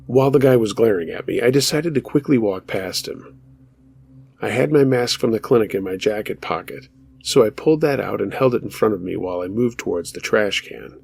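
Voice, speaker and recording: A male host reading true scary stories aloud in scripted narration, steady and measured. His low voice has a gravelly, husky texture that gives each line a rough grain. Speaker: horror story narrator.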